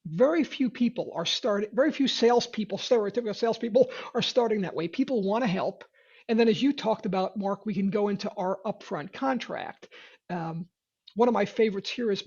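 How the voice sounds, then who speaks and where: A man teaching sales prospecting in a webinar, talking in a lively way with quick restarts. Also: sits high, slightly rough, dull audio. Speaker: sales trainer.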